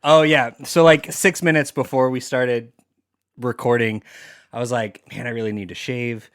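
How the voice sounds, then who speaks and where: A man's voice: mid-range voice, steady tone, normal speed, smooth, dry recording, clean studio sound. A man hosting a casual podcast, rambling loosely with lots of fillers and laughs. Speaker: podcast host. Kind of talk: casual podcast chat and read sponsor ad.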